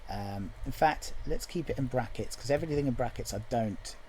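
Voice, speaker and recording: A man's voice: medium pitch, a little fast, darkish tone, slight background noise, low-quality recording. A man chatting casually to himself while composing a musical, joking as he thinks aloud at his computer. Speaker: musical writer.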